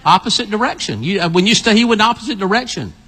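A man preaching an animated sermon, acting out a story with volunteers and calling out to the congregation. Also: quick pace, slightly rough, in a large hall. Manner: animated, calls out to the audience, builds to excited high shouts.

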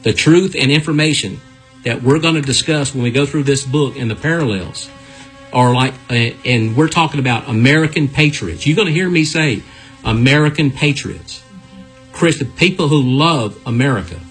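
A man's voice: mid-range voice, normal speed, fairly bright tone, faint music behind. A man giving a folksy, repetitive Bible lesson on a radio program.

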